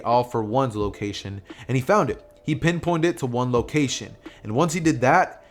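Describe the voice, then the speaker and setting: A young man casually narrating an anime what-if story, rambling with lots of fillers and restarts. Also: medium pitch. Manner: rambling, filler-heavy retelling.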